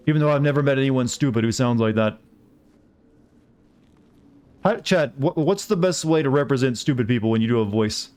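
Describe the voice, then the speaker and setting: A man's voice: medium pitch, a little mellow, clean tone. A man with a Southern US accent chatting casually while he streams a game, rambling as he answers his chat. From Southern United States.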